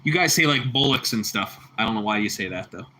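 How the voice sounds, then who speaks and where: Bright, chatty livestream guy. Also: on the low side, expressive, brisk. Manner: chatty, repeats himself, calls viewers bro and bucko; laughs a lot. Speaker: livestream host reading chat. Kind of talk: casual livestream chat.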